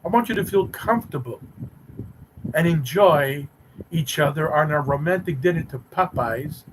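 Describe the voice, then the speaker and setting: A man's voice: fairly high pitch, lively intonation, moderate pace, noisy background. A man hosting a live stream, chatting with viewers in a teasing, mock-romantic way. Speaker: livestream host reading chat. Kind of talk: rambling playful live chat.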